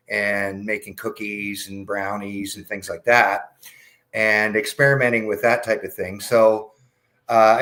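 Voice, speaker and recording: A middle-aged man, a radio show guest, telling a personal story in a blunt, candid way, swearing freely. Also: a bit bright. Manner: candid and blunt, swears, acts out dialogue with rising pitch. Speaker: guest, cannabis patient advocate.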